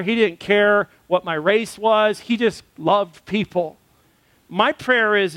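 A man's voice: high-pitched, fairly bright tone, no echo. A man, a pastor, preaching a sermon built around a personal story, earnest and conversational.

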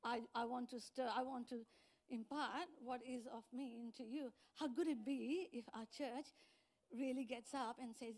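High-voiced woman pastor preaching. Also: moderate pace. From outside New Zealand. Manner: animated storytelling with acted-out quotes. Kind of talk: sermon.

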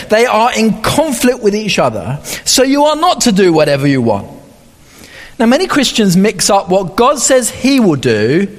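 A man preaching a sermon as pastor, reading scripture and acting out quoted voices. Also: high-pitched. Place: church hall. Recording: long hall reverb.

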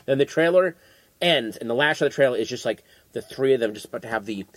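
Animated storytelling man, dry close sound. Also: medium pitch, fast talker, no echo. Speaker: podcast guest. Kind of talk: casual chat.

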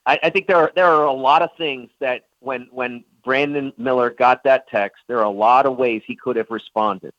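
A man being interviewed as a sports columnist on the radio, speaking in a measured way with frequent fillers. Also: medium pitch, fairly even intonation, a bit bright, no echo, muffled recording.

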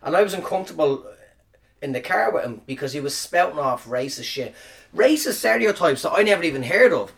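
A man's voice: a little high, animated, fairly quick, creaky, fairly bright tone, far from the mic. A man telling a rambling, profane, self-deprecating story as a podcast host, recorded on a phone camera. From Ireland. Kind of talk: casual storytelling monologue.

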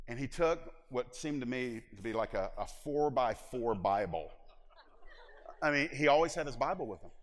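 A middle-aged man preaching a personal testimony in church, moving from hushed confession to loud exhortation. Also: mid-range voice. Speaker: preacher giving his testimony. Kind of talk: sermon testimony. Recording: long hall reverb.

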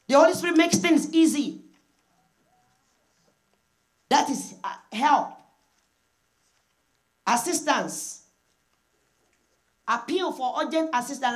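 A woman preaches a sermon in a high-pitched, lively voice, keeping a measured pace and pausing often. She repeats her points emphatically, uses call-and-response, and acts out prayers in quoted voices.

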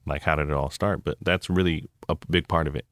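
A man in his thirties from California, a podcast guest talking in a relaxed, heartfelt, reflective way. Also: extremely low pitch, fairly quick, dry recording, studio quality. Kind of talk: casual podcast chat.

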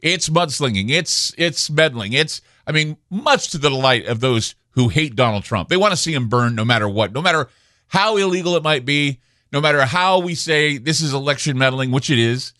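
A man's voice: mid-range voice, expressive, a little fast, bright, forceful tone, no room sound, studio quality. A man hosting a talk radio show, ranting emphatically and repeating his points.

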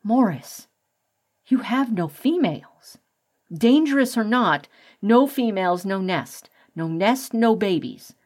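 A woman's voice: mid-range voice, lively intonation, slow pace, darkish tone. A woman voicing an adult male rat, a protective father who lectures the others sternly.

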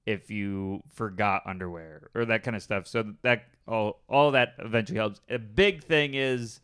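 A man's voice: lowish voice, moderate pace, a bit bright, clean tone. A man co-hosting a casual podcast, giving practical advice and teasing his co-host. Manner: offers practical tips, teasing asides. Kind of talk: casual chat.

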